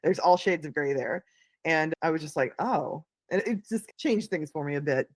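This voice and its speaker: Low-voiced woman telling a lively story. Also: normal speed, dry recording. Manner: animated storyteller acting out quoted voices. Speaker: guest. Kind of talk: casual storytelling interview.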